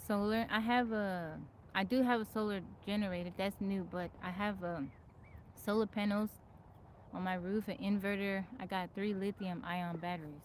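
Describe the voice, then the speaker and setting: A woman's voice: mid-range voice, steady tone, normal speed, slight background noise, rough recording. A woman hosting a casual live stream, chatting and greeting viewers by name from her home in the woods. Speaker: livestream host.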